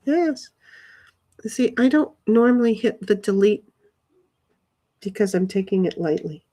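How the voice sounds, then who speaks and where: A woman's voice: mid-range voice, lively intonation, a little slow, dark tone. A woman live streaming from her backyard, rambling casually to herself and her chat and swearing now and then. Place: backyard, outdoors.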